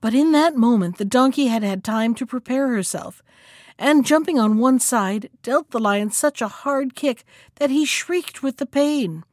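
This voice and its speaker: A woman reading a folktale aloud as a storyteller, lively in the quoted lines. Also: high-pitched, unhurried, no echo, clean studio sound. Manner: expressive, acts out the characters' lines.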